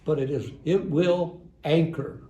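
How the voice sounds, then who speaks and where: A man's voice: on the high side, steady tone, unhurried, mellow, muffled recording. An older man giving a conversational church parenting seminar with dry, ironic humor, recorded in a church hall. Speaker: seminar speaker, psychologist. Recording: echoey hall with faint room noise.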